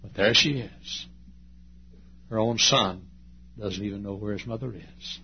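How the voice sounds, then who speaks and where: A man in his late fifties preaching a storytelling sermon in a church, swinging between loud passages and hushed ones as he tells the story. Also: fairly low pitch, unhurried, husky. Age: late 50s. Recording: dull lo-fi sermon recording.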